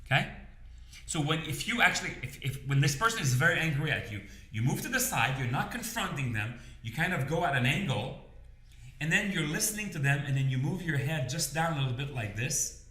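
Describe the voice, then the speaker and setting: A man's voice: on the high side, big pitch swings, fairly quick, bright, forceful tone. Talkative man giving advice in a roomy space. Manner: conversational, repeats phrases, checks in with "okay?" and "you understand?". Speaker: business coach. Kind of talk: casual advice talk to camera.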